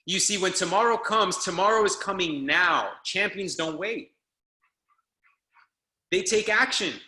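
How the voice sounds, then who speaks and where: Fired-up high-voiced male motivational coach. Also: bright, forceful tone, roomy sound. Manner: fired-up, hammering repetition, exhorting. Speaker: online business trainer. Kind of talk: motivational speech on a group call.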